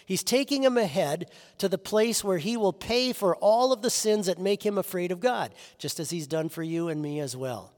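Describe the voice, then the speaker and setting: A man preaching a sermon as pastor, earnest, often restarting his phrases and letting his voice drop softly at the ends of lines. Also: high voice, lively intonation, moderate pace, hardly any pauses, in a large hall.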